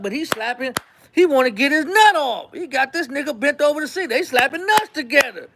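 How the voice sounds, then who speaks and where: A man hosting his show, telling a story in casual, animated fashion, acting out quotes and repeating lines for effect. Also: very high-pitched, moderate pace, slight background noise.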